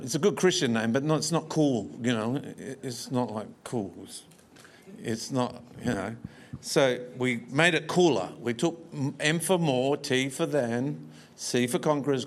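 A man's voice: medium pitch, slight background noise. A man preaching a storytelling sermon with humorous, self-deprecating asides and frequent chuckles.

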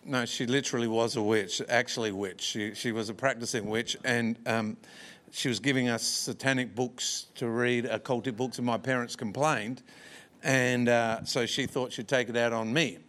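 A man's voice: medium pitch, steady tone, moderate pace, fairly bright tone. A man preaching a storytelling sermon with humorous, self-deprecating asides and frequent chuckles.

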